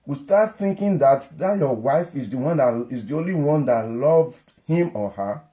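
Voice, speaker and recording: A man's voice: mid-range voice, lively intonation, moderate pace, mellow. A man giving an earnest, lecturing parenting-advice monologue that often repeats its points.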